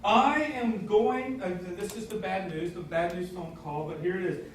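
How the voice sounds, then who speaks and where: A man with a fairly high voice preaches a sermon in a loose, conversational way and keeps asking the congregation questions. He sounds set back from the mic, and his voice rings through a very echoey church hall with faint room noise underneath. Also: fairly even intonation, a little fast, a little mellow, recorded from a distance. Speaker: pastor. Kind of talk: casual sermon. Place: church sanctuary.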